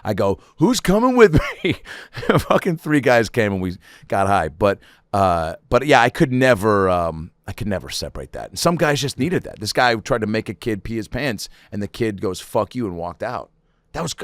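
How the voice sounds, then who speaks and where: A man hosting a podcast, telling rambling, profane stories in casual chat and slipping into quick impressions. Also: mid-range voice, no echo, studio quality. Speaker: podcast host.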